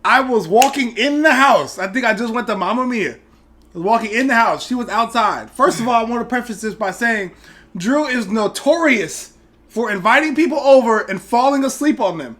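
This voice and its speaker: A young man co-hosting a podcast, calmly setting up his side of a story in casual chat. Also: extremely high pitch, moderate pace. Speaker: podcast co-host.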